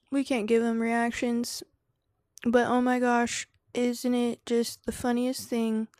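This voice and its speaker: A woman's voice: on the high side, flat delivery, takes it slowly, pauses often, a little mellow, no room sound. A woman hosting a casual live stream, slangy and laughing often as she answers chat and drifts into spiritual preaching. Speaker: livestream host.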